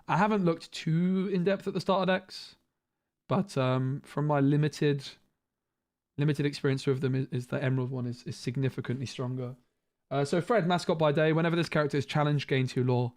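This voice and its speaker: A man's voice: on the high side, brisk. A man streaming a casual card review, thinking aloud with frequent restarts.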